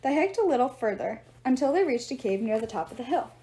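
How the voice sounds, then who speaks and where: A woman reading a novel aloud in steady storytelling narration. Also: high-pitched, fast talker. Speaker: reader.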